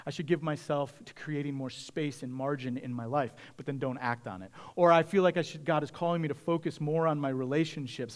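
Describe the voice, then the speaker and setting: A pastor delivering a sermon, a man with a slightly high voice for his sex. He speaks in a conversational, reflective way and addresses his congregation directly.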